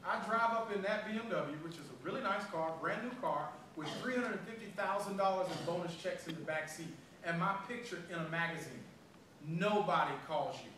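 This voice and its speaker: Sales trainer, man, high voice, lively storyteller, recorded at a distance in a very echoey room. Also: fairly quick. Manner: animated storytelling, acting out dialogue. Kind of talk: motivational sales training talk. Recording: echoey room, far from mic, background noise.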